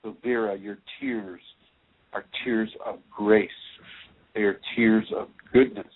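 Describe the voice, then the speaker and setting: A man hosting a spiritual radio program reassures listeners as he speaks straight to them and answers their questions. He talks slowly in a lowish, steady voice, heard through tinny phone-line radio audio.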